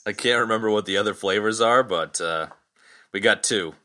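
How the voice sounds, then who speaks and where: A man's voice: fairly low pitch, normal speed, sharp tone. A man co-hosting a podcast, joking and going off on playful tangents in casual movie chat. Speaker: podcast co-host.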